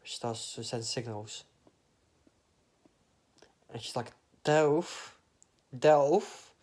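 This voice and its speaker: A man's voice: mid-range voice, completely flat delivery, slow pace, a bit bright. A man talks in a loose, meandering monologue with a mid-range voice. His train of thought wanders into absurd tangents, and swearing slips in offhandedly. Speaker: vlogger. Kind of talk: rambling comic monologue.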